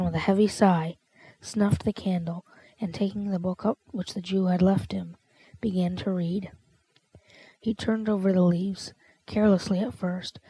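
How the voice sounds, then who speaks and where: Low, husky woman narrating a classic novel. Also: dark tone, no room sound, poor audio. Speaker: audiobook narrator. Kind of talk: scripted narration.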